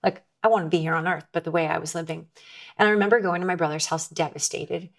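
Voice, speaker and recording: Candid, earnest woman with a lowish voice. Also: fairly even intonation, fast, vocal fry. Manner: candid, earnest, restarts her sentences. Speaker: guest. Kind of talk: conversational storytelling.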